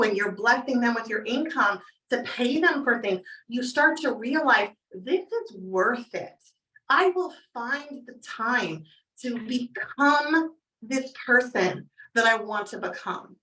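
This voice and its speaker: A woman from Canada in her thirties giving an energetic motivational talk, telling stories and acting out quotes. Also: fairly high pitch, echoey room, far from the mic, low-quality recording. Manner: energetic, storytelling, acts out quotes. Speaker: motivational speaker.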